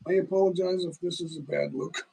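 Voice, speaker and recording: On a low-quality phone livestream, a weary middle-aged man chats aimlessly between bites and keeps restarting his thoughts. He speaks a little fast in a slightly high, steady, gravelly voice that is dark and a touch rough.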